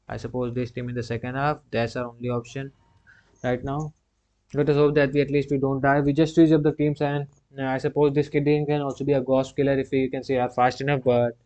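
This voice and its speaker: A man's voice: mid-range voice, mellow. A young man commentating his own gameplay, repeating commands under his breath, grumbling when things go wrong and padding sentences with the filler "you can say.". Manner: muttered repetitive commands to himself; frustrated grumbling at the game. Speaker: gaming channel host. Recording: dull lo-fi recording.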